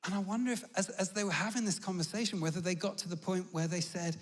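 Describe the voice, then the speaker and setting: British male preacher, fairly high voice, chatty storyteller, long church reverb. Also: fairly even intonation, quick pace, hardly any pauses. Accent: British English. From Britain. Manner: chatty storytelling, humorous asides. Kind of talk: conversational sermon.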